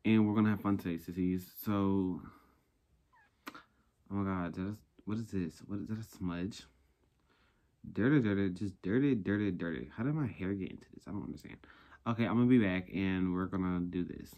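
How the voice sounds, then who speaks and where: A man's voice: deep voice, normal speed, mellow. A young man vlogging in a sassy, rambling casual chat, talking himself through a craft project. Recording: noisy background hiss.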